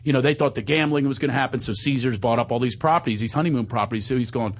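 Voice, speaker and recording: Husky-voiced man telling a comic story. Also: rapid-fire, hardly any pauses. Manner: animated storyteller who jumps up in pitch for impressions. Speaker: comedian and radio show host. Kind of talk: casual radio talk, comic storytelling.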